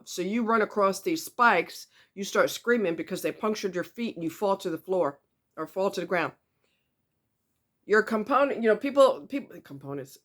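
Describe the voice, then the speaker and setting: Chatty woman vlogger from the Northeast. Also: mid-range voice. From Northeastern United States. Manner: chatty and laughing, repeats words for emphasis. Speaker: self-help vlogger. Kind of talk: casual talk to camera.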